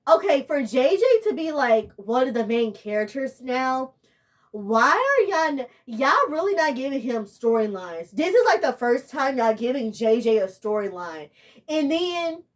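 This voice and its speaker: A young woman, giving a casual, rambling and exasperated review of a TV show. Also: fairly high pitch.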